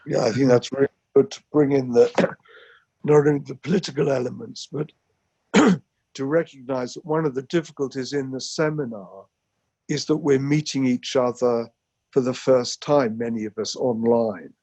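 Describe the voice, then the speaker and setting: A man explains the aims of an online seminar in a measured, steady manner. His voice is slightly husky, and the sound is close and dry, with no room echo. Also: mid-range voice. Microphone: video call.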